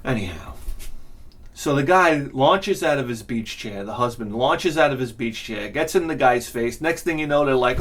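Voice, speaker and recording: Animated, profane New man ranting. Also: mid-range voice, unhurried. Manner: animated, profane, laughs at his own story. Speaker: host. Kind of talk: casual storytelling rant.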